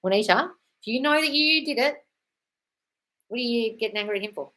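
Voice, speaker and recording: A woman's voice: fairly high pitch, expressive, a little fast, pushed and bright. An Australian woman hosting a casual live-stream Q&A, answering viewers' questions bluntly, swearing freely and calling people darling. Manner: reads viewer comments aloud. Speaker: manifestation coach answering live chat questions.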